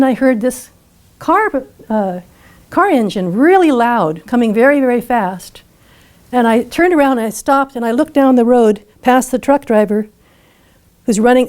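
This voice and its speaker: A woman's voice: fairly high pitch, a little mellow. Woman telling a dramatic personal story. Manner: vivid, dramatic retelling with occasional laughs. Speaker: featured speaker.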